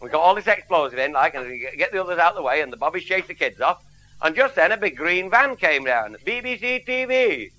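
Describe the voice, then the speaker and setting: A middle-aged man tells a comic anecdote to a live audience, blunt, earthy, and wry. His voice is fairly high, sharp, and sing-song, and he talks fast. It comes from a noisy old radio recording.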